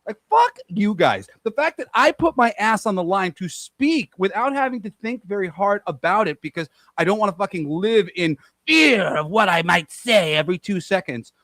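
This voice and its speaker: Man, high voice, profane emphatic rant, podcast co-host, dry sound. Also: expressive, normal speed, few pauses, a bit bright, no echo. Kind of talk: heated casual podcast rant.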